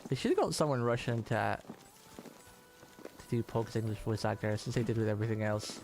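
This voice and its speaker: A man's voice: lowish voice, brisk, long pauses, a little mellow, faint music behind. A man streaming a video game, rambling through casual commentary with chatty, jokey asides.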